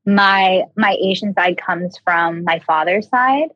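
A woman's voice: mid-range voice, slow pace, fairly bright tone, no echo, highs cut off. A young woman from the American South, a guest chatting casually and laughing often. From Southern US (Kentucky, Ohio). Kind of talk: casual chat.

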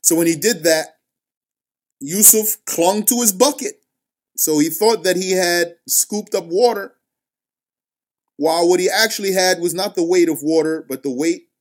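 A man with a high voice tells a religious story, reciting scripture and then explaining it line by line, slowly and deliberately.

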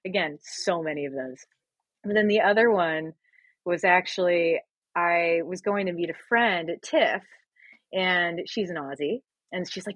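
A woman in her thirties, a singer and actress, telling animated stories as a guest in a casual interview. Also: fairly low pitch, moderate pace, breathy edge, dry recording. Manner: animated, laughing storyteller.

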